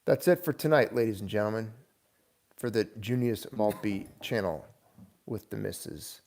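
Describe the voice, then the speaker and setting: A middle-aged man hosting a casual livestream, rambling and animated as he rails against bankers. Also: fairly low pitch, normal speed, a little hiss or hum. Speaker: channel host.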